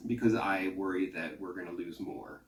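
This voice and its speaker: A man with a lowish voice chats casually about a video game, slipping into quick voiced quotes of himself and the characters. He sounds set back from the microphone in a roomy, echoing space. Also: distant mic, slight background noise. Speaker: podcast host. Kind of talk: casual gaming chat. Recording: echoey room, off-mic.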